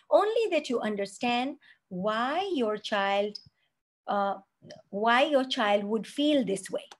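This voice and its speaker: A woman's voice: fairly high pitch, darkish tone. A woman teaching a parenting class, explaining step by step and acting out example phrases, often checking in with "right?" and "okay?". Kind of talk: spoken parenting lesson.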